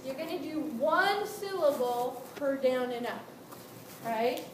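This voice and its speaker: Brief: high-pitched woman vocal coach, brisk group lesson, sung demos, heard from afar in an echoey, noisy classroom. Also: expressive. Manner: brisk, encouraging, checks in with "right?"; sings demonstration notes. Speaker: vocal instructor. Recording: echoey room from a distance, noisy.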